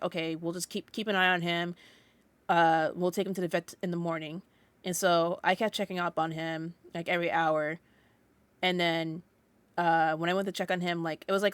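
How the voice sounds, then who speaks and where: A young woman with a fairly low voice chats casually on a podcast. She rambles through her story, filling it with "like" and starting sentences over. The sound is dry, with little room. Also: fairly bright tone, clean tone, no echo. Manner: rambling storytelling with many "like" fillers and restarts. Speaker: podcast co-host.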